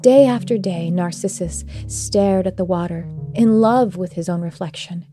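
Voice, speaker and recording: A woman host narrating an old myth in a gentle, measured storytelling style. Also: on the low side, soft background music.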